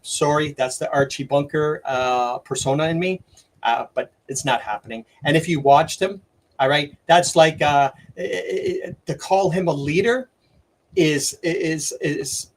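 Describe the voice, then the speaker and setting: A middle-aged man, hosting a livestream and ranting excitedly, with lots of stumbles and restarts. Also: a little high. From Canada. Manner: excitable, rambling rant with many restarts. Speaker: livestream host. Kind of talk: opinionated livestream commentary.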